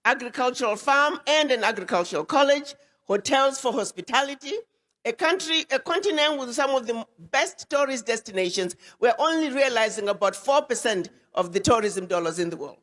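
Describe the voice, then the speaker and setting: A woman addresses an audience as an ambassador, her voice high and her delivery emphatic, with words repeated for force. The speech rings out with a long reverb tail, like a large hall. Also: animated, a little fast, fairly bright tone. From Ghana. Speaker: ambassador giving a public address.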